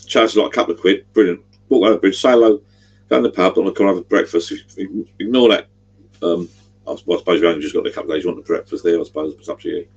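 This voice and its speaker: A man's voice: sits low, very fast, husky, dull audio. A middle-aged man, rambling chattily on a livestream. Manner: rambling, chatty, gives directions. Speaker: livestream host. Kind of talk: casual livestream chat.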